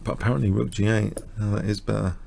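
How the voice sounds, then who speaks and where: A man commentates his own live blitz chess game in a very gravelly, husky voice that sits fairly low. He sounds worn out, mutters half-thoughts and self-deprecating asides, and keeps clearing his throat. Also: fairly even intonation, fast, mellow. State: slightly exhausted, coughing. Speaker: chess streamer.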